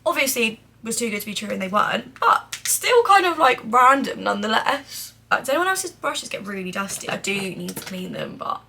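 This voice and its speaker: A woman's voice: a little high, big pitch swings, moderate pace, creaky, hardly any pauses, bright, forceful tone, a little hiss or hum. A young woman chatting casually while doing her makeup, rambling with lots of "like" and some swearing. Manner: drops to a mutter while applying makeup. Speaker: beauty vlogger. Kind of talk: casual get-ready-with-me chat.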